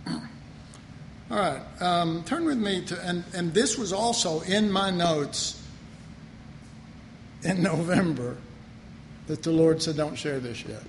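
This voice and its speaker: A high-voiced man preaches slowly in a church hall, pausing often, yet stays animated and emphatic as he presses his key points. His voice reverberates through the hall over a faint hum.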